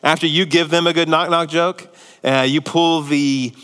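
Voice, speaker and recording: A man in his thirties, a pastor preaching a sermon with humorous storytelling and lively shifts in loudness. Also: on the high side, moderate pace, smooth. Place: church hall. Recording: reverberant church hall.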